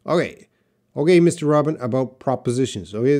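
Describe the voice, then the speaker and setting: A man's voice: mid-range voice, a little mellow. Male English teacher, patient explainer, live Q&A. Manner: patient, explanatory, repeats words slowly for learners. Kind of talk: live Q&A class, reading viewer questions.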